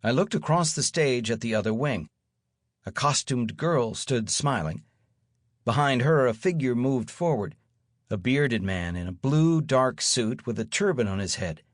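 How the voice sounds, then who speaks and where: A man's voice: mid-range voice, lively intonation, measured pace, dry recording. A man narrating an audiobook in the first person, with wry, dry storytelling.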